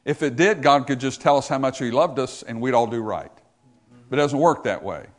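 A man's voice: medium pitch, brisk, faint music behind. A man preaching a sermon, emphatic, rising and dropping his voice for effect. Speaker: pastor.

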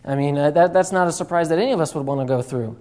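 A man's voice: on the high side, racing, a little mellow. A man preaching a sermon, opening with a folksy joke told in a storytelling manner full of fillers and asides.

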